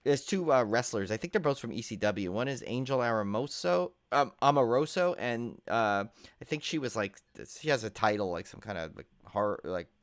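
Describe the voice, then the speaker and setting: A middle-aged man co-hosting a podcast in casual chat, rambling and animated, full of fillers and restarts. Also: mid-range voice, normal speed, dry recording, clean studio sound. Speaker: podcast co-host.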